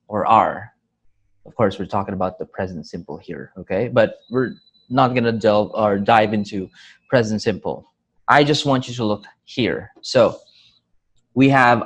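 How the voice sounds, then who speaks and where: A man teaching an English grammar lesson, speaking clearly and patiently and acting out example questions with marked rising and falling intonation. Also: on the low side.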